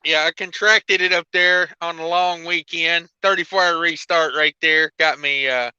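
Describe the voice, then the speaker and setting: Deadpan joking trucker host, high bright smooth voice, dull stream audio. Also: male voice, normal speed, no room sound. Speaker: livestream host. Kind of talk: casual livestream chat.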